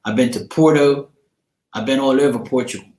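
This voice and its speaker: A man's voice: medium pitch, brisk, dark tone. Slangy Bermudian man in an echoey room. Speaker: livestream host. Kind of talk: casual livestream chat.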